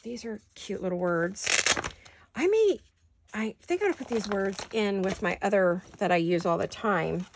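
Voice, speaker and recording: Gravelly-voiced lady rambling thru a craft session at her desk, chatty and playful, faint hiss behind. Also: mid-range voice, expressive, moderate pace. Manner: rambling, self-talking, playful. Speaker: crafting channel host. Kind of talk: chatty craft-along narration. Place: home craft studio.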